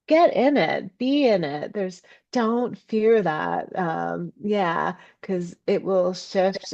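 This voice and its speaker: A low-voiced woman talks slowly as a podcast guest, pausing often with ums as she searches for words. She brightens when she acts out her own inner thoughts. The sound is muffled, lo-fi and completely dry. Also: gravelly, no room sound. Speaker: guest, ecopsychology scholar and author. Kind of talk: reflective podcast interview talk.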